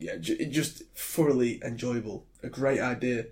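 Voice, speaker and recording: A British man chats loosely about films as a podcast co-host. His voice sits at an ordinary middle pitch. He rambles, stumbles over his words and starts sentences over. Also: normal speed, a little mellow. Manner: chatty, rambling, frequent restarts and ums. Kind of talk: casual film chat.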